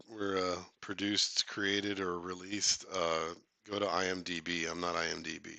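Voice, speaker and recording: A man's voice: low-pitched, sharp tone, dry recording. A man hosting a casual live stream, chatting with viewers in a rambling, joking way, full of fillers and restarts.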